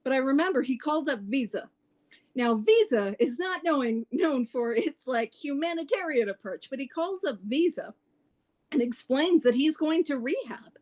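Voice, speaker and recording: A woman's voice: high-pitched, moderate pace. A woman talking casually about recovery to a meeting, laughing often and poking fun at herself. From Canada. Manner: laughs often, animated and self-mocking. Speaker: speaker at a twelve-step study meeting.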